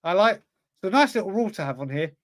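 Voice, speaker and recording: A man's voice: sits high, big pitch swings, fast, no room sound. A man from England co-hosting a football podcast, blurting quiz answers, muttering to himself and swearing freely. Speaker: podcast co-host. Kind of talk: casual chat while playing a football quiz.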